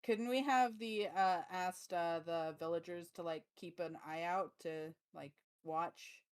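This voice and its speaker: A woman's voice: lowish voice, steady tone, a little slow, clear, resonant tone. A woman player in a tabletop game who thinks aloud and hesitates as she proposes plans. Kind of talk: casual tabletop game chat.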